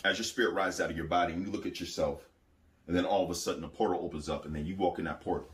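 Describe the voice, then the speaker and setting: A man's voice: sits low, fairly even intonation, rapid-fire, fairly bright tone, a little hiss or hum. A man giving a spoken religious testimony, telling his story emphatically and repeating phrases as he acts out the voices he quotes. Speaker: Christian testifier.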